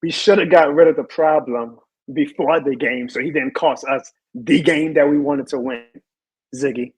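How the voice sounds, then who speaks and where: Husky man hosting sports talk. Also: fairly high pitch, moderate pace. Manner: teasing, animated ribbing of co-host. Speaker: podcast host.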